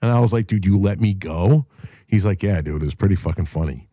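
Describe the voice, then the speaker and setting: A man's voice: low voice, brisk, mellow, no echo, studio quality. A man hosting a casual call-in chat, telling stories in a blunt, profane way. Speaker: show host.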